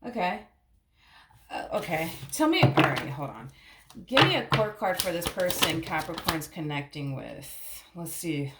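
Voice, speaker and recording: Low-voiced lady doing a blunt tarot reading, swears a lot, echoey room. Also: very animated, a little slow, very noisy. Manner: blunt, swears freely, calls the viewer honey. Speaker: tarot reader. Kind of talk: casual tarot reading to camera.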